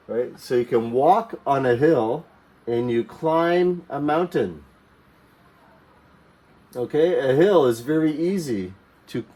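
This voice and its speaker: A man's voice: mid-range voice, darkish tone. A man teaching a geography lesson to young learners, repeating key words and checking understanding with frequent "okay" and "right?".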